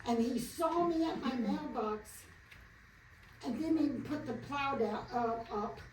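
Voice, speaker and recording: A woman with a slightly high voice gives a blunt, exasperated complaint at a public meeting, rambling from one detail to the next. She is picked up from across an echoey meeting room. Faint background noise runs under the recording. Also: measured pace, darkish tone, far from the mic. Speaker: resident speaking at public comment. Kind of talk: informal complaint at a township meeting.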